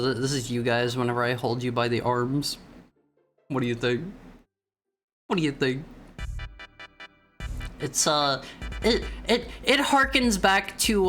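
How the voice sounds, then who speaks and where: A man's voice: medium pitch, fairly bright tone. A man streaming as a VTuber, chatting casually with his viewers in a playful, teasing way and often stumbling over his words. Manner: playful, stammering restarts, teasing chat. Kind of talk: casual live-stream chat.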